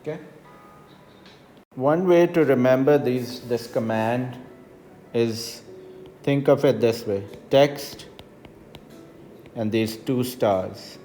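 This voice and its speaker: A man teaching a screen-recorded coding tutorial, explaining each step slowly and checking in with the listener. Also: mid-range voice, dark tone, soft background music. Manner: unhurried, explains step by step with frequent "right?" checks. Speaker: math teacher. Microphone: voice-over on tablet whiteboard recording.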